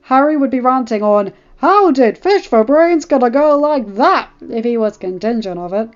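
A man's voice: very high-pitched, lively intonation, moderate pace, muffled recording, pitched above the performer's own voice. A woman voicing a wry, dry-humored teenage boy from a gang, in a story reading.

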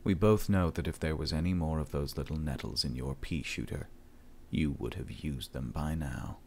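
A man voicing a brutish male villain with an English accent, speaking softly in a flat, emotionless monotone. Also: a bass voice, moderate pace, pitched below the performer's own voice. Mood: cold menace.

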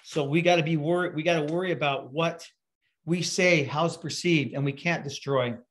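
A man's voice: a little high, moderate pace, fairly bright tone. A middle-aged man preaching a casual, conversational sermon, telling stories with many fillers and restarts. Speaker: pastor.

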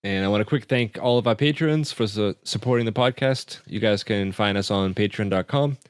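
A relaxed man hosts a casual podcast with a low voice. He chuckles easily between his points. The recording is dry and close. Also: fairly quick, clean tone, no echo. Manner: laid-back, laughs easily. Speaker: podcast host.

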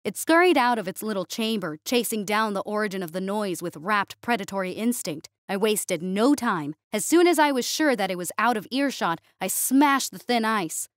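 Female storyteller for sci-fi narration, steady and expressive, dry recording. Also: medium pitch, normal speed, few pauses, dry recording.

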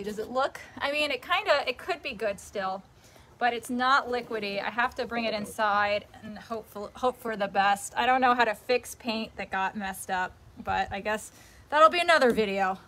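A woman's voice: a little high, fairly bright tone. A young woman chatting casually on a live stream while painting, mocking herself and talking to her dog and her viewers. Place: outdoors at home. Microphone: handheld phone camera. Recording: faint background noise.

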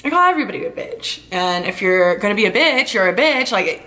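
A young woman tells a storytime vlog, chatty and animated. She acts out what people said and swears freely. Her voice is bright and forward. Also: mid-range voice, brisk, hardly any pauses. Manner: chatty, animated storytelling with quoted dialogue and cursing. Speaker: vlogger.

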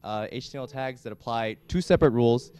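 Halting young man lecturing a class. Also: medium pitch, warm tone. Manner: halting, frequent restarts and fillers. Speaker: student instructor. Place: lecture hall.

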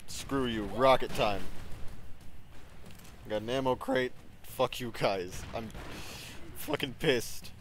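A young man giving casual gameplay commentary, excitable, swearing often and breaking into sudden loud outbursts. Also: mid-range voice, slow pace, long pauses, slight background noise. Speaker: gaming video creator.

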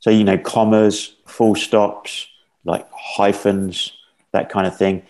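A man's voice: lowish voice, flat delivery, takes it slowly, a little mellow. A man talking as a podcast guest in casual conversation, hesitant and full of fillers. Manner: hesitant, many fillers and restarts.

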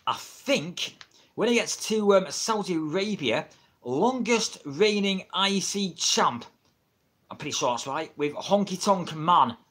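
A middle-aged man with an English accent livestreams about wrestling from home, his high-pitched voice expressive, unhurried and a bit bright. He rambles and laughs often in casual chat, picked up only by his camera's built-in mic instead of a microphone.

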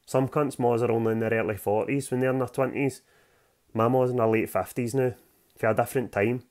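A man's voice: mid-range voice, fairly even intonation, a little fast, darkish tone. A young Scottish man, the author, reading from his novel in a gritty, plain-spoken way full of slang.

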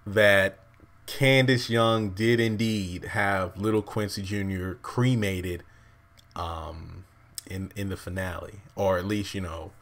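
A man recapping a TV episode in an excited, rambling, emotional way, addressing his viewers directly. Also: low-pitched. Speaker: TV show recap vlogger.

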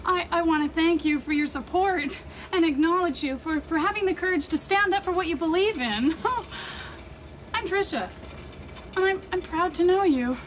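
A woman's voice: very high voice, moderate pace. An actress playing an earnest young woman, a rookie colorist, who rambles nervously with many restarts in a 1990s sitcom. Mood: rousing. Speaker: comic-book colorist. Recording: noisy old TV audio.

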